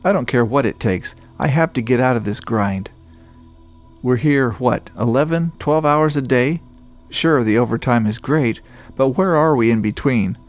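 A man's voice: medium pitch, normal speed, faint music behind, close to an everyday voice. A man voicing a restless male office worker who complains at length. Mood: exasperated. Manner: complaining, talkative.

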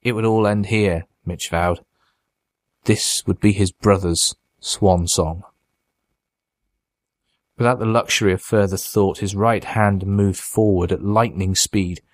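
A man reads a horror story aloud in a measured, dramatic way. His voice sits low and steady. The recording is close and dry, with no room echo. It is a scripted audiobook narration.

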